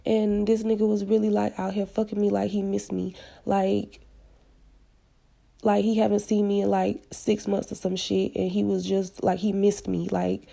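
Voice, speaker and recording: A woman's voice: mid-range voice, level tone, moderate pace, vocal fry, warm tone. A woman casually retelling a personal story with blunt, slangy, profane candor. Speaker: podcast storyteller.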